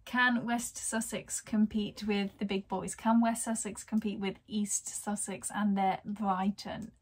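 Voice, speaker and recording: A woman's voice: mid-range voice, little pitch movement, measured pace, a little hiss or hum. A young woman from the English West Midlands, chatting casually and enthusiastically to camera, with a self-deprecating manner. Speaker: YouTuber.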